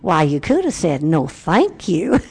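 A woman imitating a polite Southern woman friend with a soft drawl, gently gracious in manner. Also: deep voice, huge pitch swings, measured pace, breathy edge, heavily acted. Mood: chiding.

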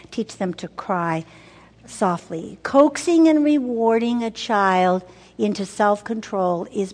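A woman's voice: medium pitch, darkish tone. An older woman speaking to a group of mothers, emphatic and repetitive, asking the audience questions. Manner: emphatic, repeats words for effect, asks the audience questions. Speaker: women's ministry speaker. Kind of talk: teaching talk to mothers. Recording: long hall reverb.

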